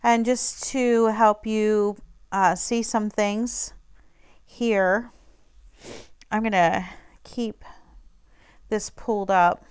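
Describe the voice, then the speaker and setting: A woman teacher talking students through a textbook page in a relaxed, conversational way, with fillers. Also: medium pitch, drawn-out words, long pauses, smooth. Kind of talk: recorded online lesson walking through a textbook page.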